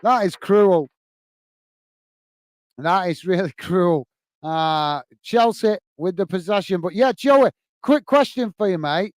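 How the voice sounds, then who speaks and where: Speaking slowly and expressively with long pauses, a high-voiced man from England runs a football watch-along from home. He commentates on the match, chats with viewers and laughs a lot, all in a dry recording.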